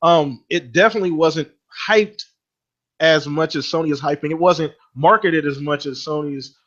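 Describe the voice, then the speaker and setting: A man's voice: on the high side, moderate pace, a bit bright, dull audio. A man on a casual gaming podcast, talking in an easygoing, hesitant way with many fillers. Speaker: podcast co-host.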